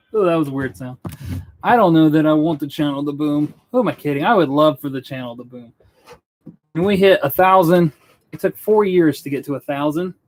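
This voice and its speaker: A man's voice: on the high side, slight background noise. A young man from Western North Carolina chatting casually to viewers on a live stream in his studio, rambling and earnest. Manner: rambling, earnest, self-interrupting. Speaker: woodworking YouTuber on a live stream. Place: indoor studio workspace.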